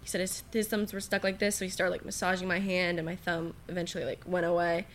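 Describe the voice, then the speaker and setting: A woman's voice: lowish voice, little pitch movement, fast, a little hiss or hum. A teenage girl telling her story in a casual chat, full of fillers and acted-out quotes. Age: teens. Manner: chatty storytelling, many fillers, acts out quotes. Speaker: guest.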